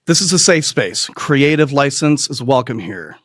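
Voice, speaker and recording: A middle-aged male comedian spins a long, profane story full of tangents and asides. His voice sits at an ordinary pitch, and the recording is dry and close. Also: normal speed, dry recording. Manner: profane, rambling, animated asides. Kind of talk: stand-up storytelling.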